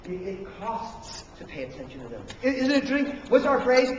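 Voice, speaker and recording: High-voiced preacher in an echoey hall. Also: male voice, very animated, normal speed, few pauses, a little hiss or hum. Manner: conversational, acting out little inner dialogues. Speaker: pastor. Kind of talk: sermon. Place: church sanctuary. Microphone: camcorder from the back of the room. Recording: distant echoey hall camcorder recording.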